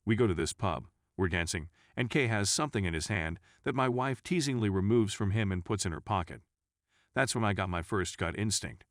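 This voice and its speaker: A man reading a written story aloud as a scripted narration, in a steady read-aloud delivery. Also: fairly low pitch, brisk, no echo, studio quality.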